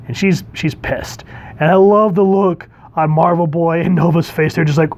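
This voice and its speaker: A man casually reviewing a comic book, animated and acting out the characters' lines in quick voices. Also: on the high side.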